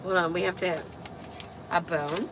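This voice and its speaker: A young woman with a raspy voice, tipsy and chatting casually on a livestream, loose, giggly and swearing. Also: on the low side, fairly even intonation, normal speed, noisy background. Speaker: vlogger.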